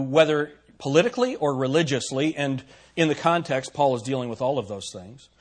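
A man's voice: fairly high pitch, breathy edge. A man preaching a sermon to his congregation, asking rhetorical questions and stressing his points. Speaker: pastor.

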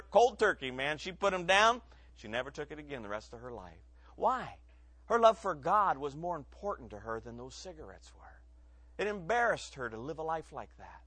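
An Ohio preacher with a voice on the high side recounts his personal testimony in a sermon. He is earnest and emotional, swelling into loud emphasis, then sinking almost to a hush. The recording is dry.

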